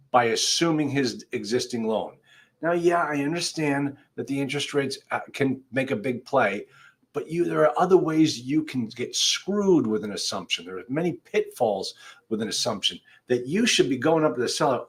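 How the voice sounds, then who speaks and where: A man's voice: medium pitch, animated, normal speed. A man, an attorney, hosting a live online law class in a conversational, emphatic way, speaking straight to his viewers. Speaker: attorney host. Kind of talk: livestream legal class.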